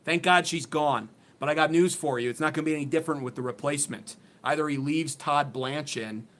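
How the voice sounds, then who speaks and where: A man runs a political livestream, talking into a phone on a desk mount with heated commentary that is sarcastic, riled up, blunt and profane. His voice is fairly high and a bit bright.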